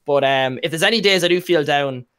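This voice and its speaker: A young Irish man talks at a rapid clip on a casual podcast. His voice is bright and slightly high. He tells animated stories with local slang and playful quotes. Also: clear, resonant tone. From Ireland. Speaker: guest streamer.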